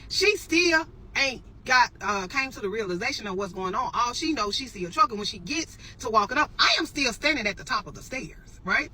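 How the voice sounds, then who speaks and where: A storytelling vlogger, an animated woman, tells a story straight to camera in a casual way, calling her viewers "y'all" and repeating things for emphasis. Her voice is a little high and brisk with few pauses, and the recording quality is low.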